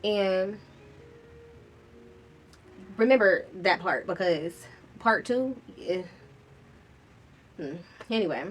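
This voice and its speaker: A woman's voice: medium pitch, expressive, drawn-out words, long pauses. A woman vlogger telling a personal story in a candid, casual way, swearing freely.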